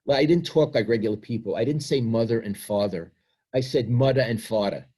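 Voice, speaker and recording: A man's voice: medium pitch, expressive, brisk, dark tone, husky. A man, reading from his book and then talking about himself in a reflective, self-deprecating way. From Brooklyn, New York. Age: 70s. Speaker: author.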